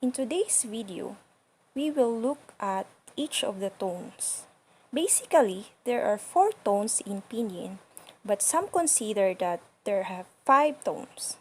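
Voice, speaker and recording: Slow, breathy woman teaching. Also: mid-range voice, expressive. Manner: patient, demonstrates sounds slowly and repeats them. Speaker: language teacher. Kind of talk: slow instructional lesson.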